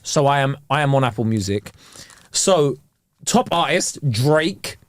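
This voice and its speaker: A young man co-hosting a casual podcast chat, slangy and quick to laugh. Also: mid-range voice, no room sound. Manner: animated, slangy, laughs often. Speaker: podcast co-host.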